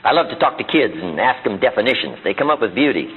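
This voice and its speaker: Animated male seminar speaker, tinny old audio. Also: fairly low pitch, fast, breathy edge. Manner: animated, rhetorical questions, acted-out quotes. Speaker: motivational speaker. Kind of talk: seminar speech. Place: seminar room with audience. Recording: tinny phone-like archive audio.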